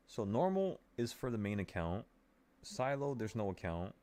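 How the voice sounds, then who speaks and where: A man's voice: on the low side, moderate pace. A man hosting a casual late-night trading stream, walking through charts in a loose, offhand way and swearing now and then. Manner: relaxed, swearing, talks to viewers with "bro".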